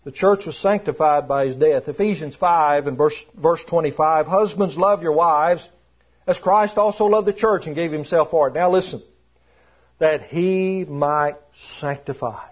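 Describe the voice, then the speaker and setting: A man's voice: a little high, normal speed, breathy edge. A man preaching a sermon to a congregation, emphatic and repeating his key phrases. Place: church room with congregation. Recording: dull lo-fi sermon recording.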